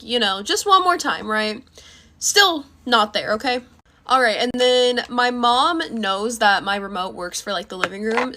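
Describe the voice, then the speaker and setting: A young woman talks straight to her phone in a loose, chatty storytime. Her voice is bright and sits a little high. She fills her talk with "like" and swears freely. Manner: chatty, swearing, many fillers. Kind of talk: casual storytime vlog.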